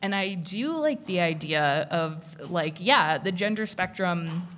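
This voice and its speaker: A woman speaking on a panel in a casual discussion, animated, with many restarts and laughs. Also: on the low side, takes it slowly.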